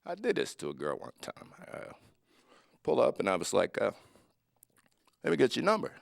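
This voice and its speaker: A man's voice: mid-range voice, normal speed, vocal fry, dry recording, studio quality. A man in his forties doing a stand-up comedy set, telling stories with acted-out voices. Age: 40s. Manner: lively storytelling with acted-out voices.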